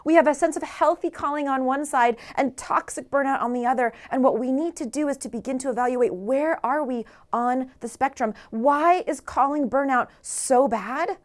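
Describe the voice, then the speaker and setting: A woman's voice: high-pitched, normal speed, hardly any pauses. A woman author giving an earnest motivational talk, asking the listeners rhetorical questions. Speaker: author and speaker.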